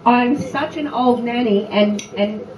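A woman's voice: on the high side, takes it slowly, darkish tone. An older woman telling self-mocking stories at a fan luncheon, often laughing. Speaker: former cast member on a panel. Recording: echoey room, dull sound, clear background noise.

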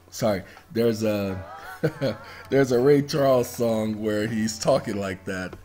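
The host of this video has a fairly low voice and a measured pace, with music in the background. In casual screen-share commentary, he rambles through the documents on his screen, talks to viewers as y'all and sings song fragments.

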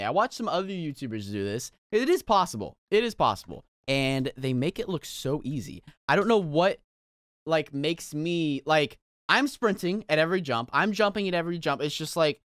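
A young man commentating his own gameplay, swinging between exaggerated frustrated shouts and low muttering. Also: smooth, dry recording. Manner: exaggerated rage, yelps and shouts. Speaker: gaming YouTuber.

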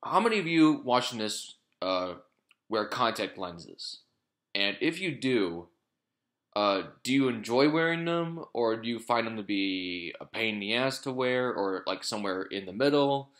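A man's voice: lowish voice, animated, a little slow, a bit bright. A man talking casually to his vlog audience in a rambling way, with lots of fillers, restarts and swearing. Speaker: vlogger.

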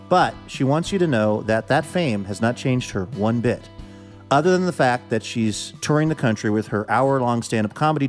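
A man hosting a radio show, giving a scripted introduction with a wry, conversational manner. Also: mid-range voice.

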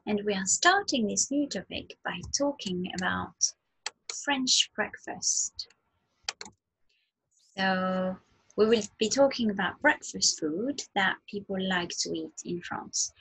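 A woman teacher giving a slow nursery language lesson, modelling words in a sing-song way for small children to repeat. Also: mid-range voice, lively intonation, vocal fry, fairly bright tone, husky. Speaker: French teacher.

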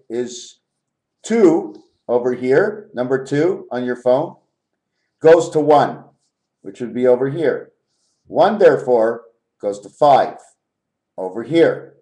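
A man's voice: mid-range voice, dark tone. A man vlogging a rambling spiritual monologue, jumping between topics and swearing.

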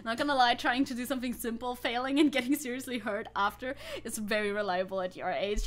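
A woman's voice: fairly high pitch, fairly even intonation, fairly quick, few pauses. A woman streaming a game, making crude jokes and reading the game text aloud in casual commentary. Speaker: VTuber streamer.

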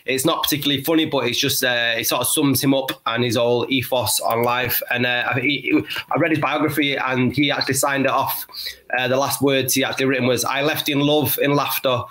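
A man's voice: mid-range voice, fairly even intonation, fairly quick, bright, forceful tone. A man in his forties co-hosting a podcast, chatting enthusiastically and rambling with lots of restarts. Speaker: podcast co-host. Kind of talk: casual chat.

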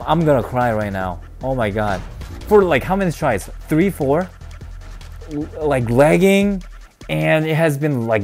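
A young man streaming a video game, chatting casually and excitably, often laughing and mumbling then cheering loudly. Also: mid-range voice. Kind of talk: casual live gameplay commentary.

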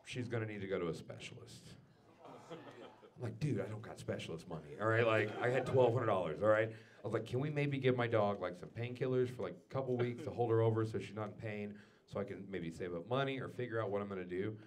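A man doing a stand-up comedy set, telling a story with lots of swearing and swinging from quiet asides to loud rants. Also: fairly low pitch, brisk, a crowd in the background. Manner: swears freely. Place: comedy club stage before a live audience.

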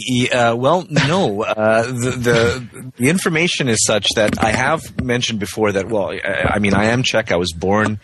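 A man's voice: deep voice, a bit bright, husky, dry recording. A man in his forties who grew up in Canada, a guest actor chatting on a phone interview, talking with lots of fillers and restarts. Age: 40s. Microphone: phone call.

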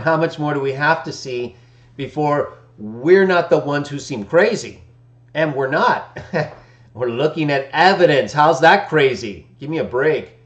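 A man hosting a daily Bible-text live stream, talking in a casual preaching way, argumentative, often asking "right?" and chuckling, his morning voice not quite warmed up. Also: on the high side. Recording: echoey room, dull lo-fi stream audio.

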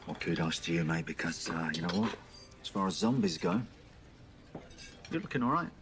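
An actor playing a blunt, sardonic debt collector who swears freely, in film drama dialogue. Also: male voice, deep voice, sing-song, brisk. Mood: mocking.

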